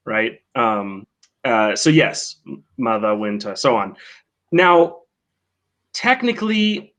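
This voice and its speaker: A man co-hosting a live learning stream, explaining clearly and checking in with "right?" often. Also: mid-range voice, fairly bright tone. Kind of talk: casual teaching chat.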